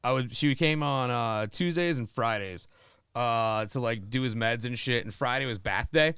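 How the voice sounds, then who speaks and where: A man's voice: mid-range voice, moderate pace, fairly bright tone, clean tone, no echo, clean studio sound. A man from Florida, a stand-up comedian guesting on a podcast, telling casual comic stories in a profane, rambling way full of likes and dudes.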